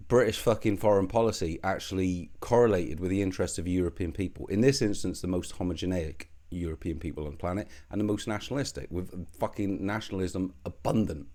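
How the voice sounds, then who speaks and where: Low, dark-voiced man ranting sardonically. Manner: profane, rambling, sardonic; puts on a mock accent. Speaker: online commentator. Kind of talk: ranting video commentary.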